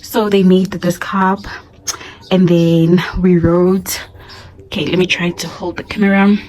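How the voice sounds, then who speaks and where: A woman's voice: on the low side, level tone, unhurried, a little mellow, rough recording. A young woman, a primary school teacher, chatting casually to camera and laughing often, repeating her words as she talks. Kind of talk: casual vlog chat.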